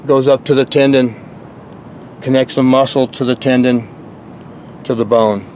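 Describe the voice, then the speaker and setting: A man's voice: medium pitch, steady tone, normal speed, a little mellow, muffled recording, slight background noise. A man narrating as he films outdoors on a rocky shore, rambling and exclaiming, breaking into whoops now and then. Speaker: vlogger exploring rock formations. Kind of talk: excited narration while filming outdoors.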